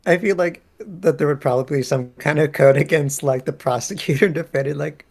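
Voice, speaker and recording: Man, casual let's-play chat, rambling, hesitant, slightly high voice. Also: brisk, creaky, darkish tone. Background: game music.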